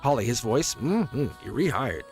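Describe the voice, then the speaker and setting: A man's voice: mid-range voice, big pitch swings, normal speed, darkish tone, faint music behind. A man hosting a live tarot stream in a casual, rambling way, chuckling often and joking with his viewers.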